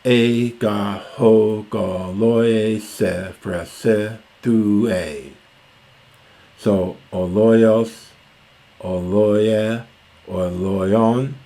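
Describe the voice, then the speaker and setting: Male lecturer, very deep and slow, hesitant delivery full of fillers, reads phrases carefully. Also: darkish tone. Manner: hesitant, many fillers and self-corrections, slows to chant Greek. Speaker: classics lecturer. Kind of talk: reading and explaining ancient Greek lines.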